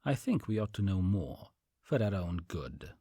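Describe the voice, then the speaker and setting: A man voicing a gossipy, suspicious older small-town woman who whispers her doubts in a deep, husky voice. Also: very animated, unhurried, warm tone, no echo, clean studio sound, heavily acted.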